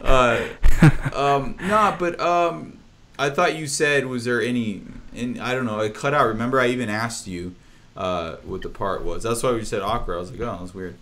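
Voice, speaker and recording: A man's voice: medium pitch, moderate pace, sharp tone, slight background noise. A young man hosting a casual livestream chat, laid-back, swearing often, with lots of fillers. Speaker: host, band drummer.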